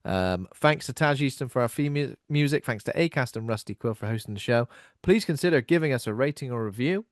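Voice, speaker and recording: A man's voice: medium pitch, lively intonation, a little fast, no room sound. Man, podcast host, casual chat, upbeat, filler-heavy, dry sound.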